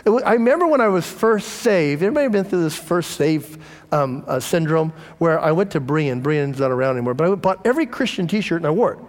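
Higher-voiced pastor in echoing church. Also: male voice. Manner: candid personal storytelling, addressing the congregation. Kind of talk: conversational sermon.

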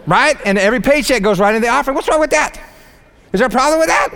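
A man preaching a sermon in church, animated and humorous, jumping between loud bursts and quiet asides and laughing at his own jokes. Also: very high voice, fast talker, creaky. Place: church sanctuary.

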